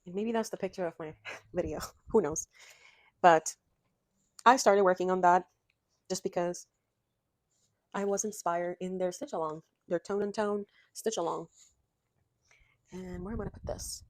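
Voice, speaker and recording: A woman's voice: lowish voice, moderate pace, pauses often, no echo. Chatty woman stitcher, dry sound. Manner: rambling, excited, gushing with fillers. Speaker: cross stitch vlogger. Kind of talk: casual chatty vlog. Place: home craft room.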